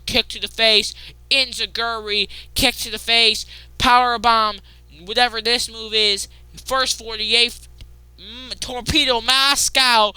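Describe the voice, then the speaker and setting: A woman hosting a casual wrestling recap, excitable, jumping between loud outbursts and muttered asides. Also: a little high, takes it slowly, clear, resonant tone, no echo.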